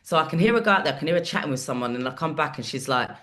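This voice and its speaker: Sweary, animated woman. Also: low voice, very fast. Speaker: comedian guest. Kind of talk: casual podcast chat.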